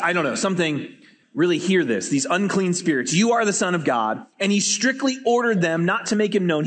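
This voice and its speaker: A man preaching a sermon as pastor, telling stories with lively energy and often repeating words as he starts a phrase. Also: fairly high pitch, husky, big-room sound.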